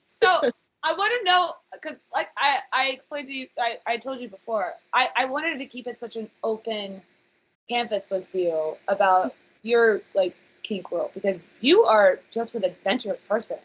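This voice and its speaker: A woman in her thirties hosts a relaxed podcast chat on a podcast mic. Her voice is a touch high and very bright. She talks in a chatty, self-deprecating way, quick to apologize for swearing. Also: rough recording. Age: 30s. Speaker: podcast host. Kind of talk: casual chat.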